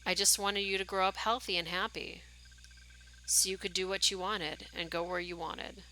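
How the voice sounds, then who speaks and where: Her voice sits on the low side, bright and forceful yet steady in tone, moving at a moderate pace. The woman streams herself reading game story text aloud, reacting as she goes, altering her voice slightly for dialogue and tossing in casual remarks.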